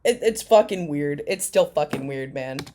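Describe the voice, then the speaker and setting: A woman's voice: deep voice, lively intonation, normal speed, warm tone, a little hiss or hum. A woman giving sarcastic, profane reaction commentary on video clips. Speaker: commentary YouTuber.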